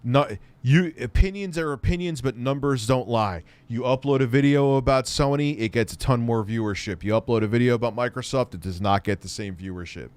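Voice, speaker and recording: A man's voice: medium pitch, a little fast, hardly any pauses, a little mellow, clean tone. Man rambling through a casual livestream Q&A. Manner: rambling, profane, reads chat questions aloud. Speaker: YouTube host answering viewer questions.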